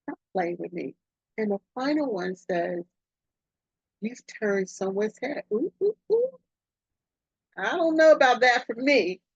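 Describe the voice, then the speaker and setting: A woman hosting a casual spiritual podcast, reading oracle cards in an effusive, excitable way. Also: measured pace, breathy edge, no echo, lo-fi sound. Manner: effusive, excitable, swoops up and down in pitch. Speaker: podcast host, oracle card reader.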